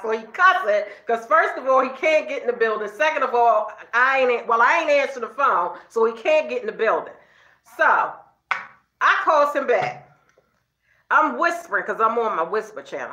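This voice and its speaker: Expressive and slightly high, with a sharp tone at normal speed, a middle-aged woman chats casually with her viewers while telling a story. She keeps ending sentences with okay and addresses them as girl and y'all. Recorded in an echoey room, the audio is slightly dull.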